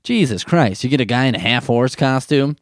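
A man's voice: medium pitch, lively intonation, brisk, no echo, studio quality. A man riffing comedically in a rambling, sarcastic way, swearing often.

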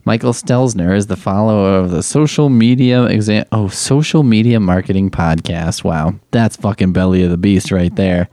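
A man's voice: on the low side, normal speed, hardly any pauses, dark tone, no room sound. A man hosting a podcast, sarcastically mocking other shows and swearing as he goes. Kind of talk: casual commentary.

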